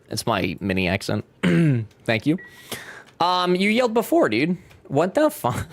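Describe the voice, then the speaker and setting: A man's voice: a little high, big pitch swings, takes it slowly, creaky, long pauses. A young man chatting casually while streaming a game, joking and reading chat aloud. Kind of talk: casual gameplay livestream chat.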